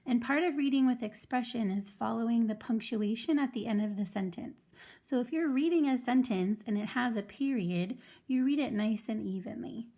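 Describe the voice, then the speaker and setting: A woman teaching first grade in an online video lesson, clear and patient as she explains step by step. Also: on the high side, normal speed, mellow.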